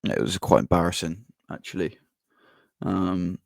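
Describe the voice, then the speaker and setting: Male podcaster, deep voice, blunt and sweary, dry close sound. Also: flat delivery, normal speed, a little mellow, no room sound. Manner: blunt, swears, frequent ums and restarts. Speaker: podcast host. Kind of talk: casual match-reaction monologue.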